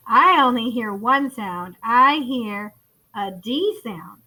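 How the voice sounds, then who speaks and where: A woman teaching young children phonics in a recorded lesson. Her voice sits high and sounds bright, and she talks slowly and warmly encouraging, addressing the kids as friends. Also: animated, breathy edge, rough recording. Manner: encouraging, calls listeners friends. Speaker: first grade phonics teacher.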